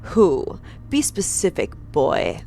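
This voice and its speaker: A cold, menacing killer, voiced by a woman reading a game aloud, speaks slowly and with contempt, dragging out each taunt. Soft music plays faintly behind. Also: lowish voice, sing-song, full character voice. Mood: scornful. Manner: slow, taunting and condescending. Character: cold menacing male killer, mocking and calm.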